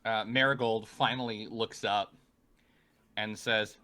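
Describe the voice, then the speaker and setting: A man's voice: medium pitch, normal speed, bright, forceful tone. Rambling man running a tabletop game. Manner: rambling, with frequent fillers and laughs. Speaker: game master.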